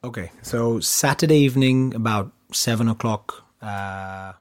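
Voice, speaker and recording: A man's voice: medium pitch, measured pace. Man vividly retelling a strange encounter. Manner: vivid retelling, acting out dialogue. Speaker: interviewee. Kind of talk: personal recollection in an interview.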